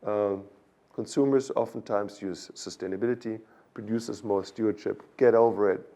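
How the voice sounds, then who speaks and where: His voice sits on the low side, dark in tone, with fairly even intonation and a normal speed. The German-accented man is an animal science expert interviewed on a podcast, lecturing through his explanation and repeatedly asking "okay?".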